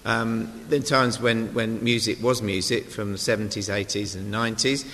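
A man's voice: on the low side, level tone, normal speed, fairly bright tone. A man giving an informal sermon, chatty and self-deprecating, with asides to the congregation. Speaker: lay preacher. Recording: long hall reverb.

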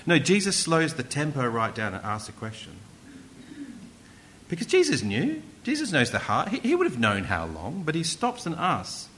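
A man's voice: on the high side, wildly swooping pitch, normal speed, fairly bright tone, a little hiss or hum. A male preacher giving an interactive sermon, often asking the congregation questions and repeating words for emphasis.

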